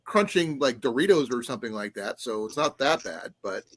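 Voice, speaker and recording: A man's voice: medium pitch, lively intonation, a little fast, a bit bright, no echo. A man co-hosting a casual podcast chat, rambling and laughing often. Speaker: co-host.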